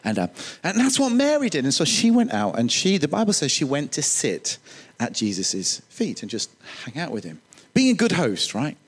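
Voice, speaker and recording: A man preaching a sermon, animated, with joking, self-deprecating asides. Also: on the high side, moderate pace, breathy edge.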